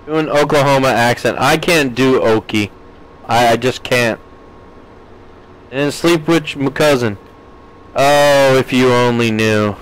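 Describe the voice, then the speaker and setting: Man, casual streamer, mid-pitched voice, chatty, reacts to chat, laughs a lot. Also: measured pace, pauses often, clean tone, poor audio. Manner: chatty, reads out and answers chat, laughs often. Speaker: gaming streamer.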